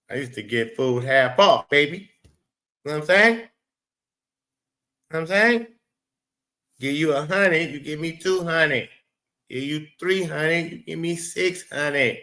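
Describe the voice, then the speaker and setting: Hosting a live stream, a man with a slightly high, sharp-toned voice rambles on. He's profane and blunt as he talks back to his chat.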